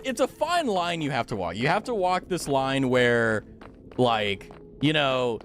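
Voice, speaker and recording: Slightly high and a bit bright, a young man's voice carries his casual gaming stream as he talks playfully and chattily to his viewers in chat.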